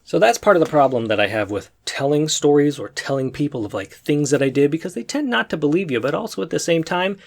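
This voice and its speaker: A young man spins a comic story straight to camera, recorded at home on a desk microphone. His voice sits a little high and swings all over, with a gravelly fry at the ends of phrases. He breaks into loud, high sound effects when the action heats up. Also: animated, fast, hardly any pauses. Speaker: comedy vlogger. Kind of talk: comedic storytelling monologue to camera. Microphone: desk USB microphone.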